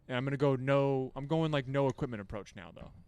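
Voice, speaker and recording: A man's voice: medium pitch, fast, darkish tone, clean tone, no room sound. A man in his thirties co-hosting a podcast, laid-back and slangy, with lots of "like" fillers. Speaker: podcast co-host. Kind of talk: casual chat.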